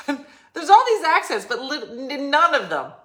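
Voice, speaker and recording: A woman's voice: high-pitched, sing-song, slow pace, a bit bright. A woman hosting a casual live stream from home, chatting in a rambling way with lots of fillers. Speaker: livestream host.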